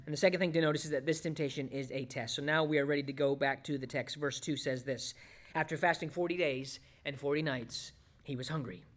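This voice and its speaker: A man preaching a sermon, swinging between loud emphasis and hushed asides as he acts out quoted voices. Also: on the high side, fairly even intonation, a little fast. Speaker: pastor.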